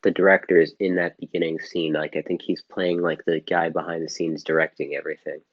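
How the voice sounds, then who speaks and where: A man's voice: low voice, level tone, brisk, slightly rough, no echo, muffled recording. A man co-hosting a podcast, rambling casually through a movie plot and swearing freely. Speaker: podcast co-host. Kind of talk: casual film-review chat.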